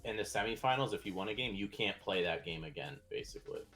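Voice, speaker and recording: A man's voice: on the low side, expressive, fast, fairly bright tone. A man who develops games, chatting casually in a laid-back, rambling, joking way. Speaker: game developer guest. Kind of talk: casual chat.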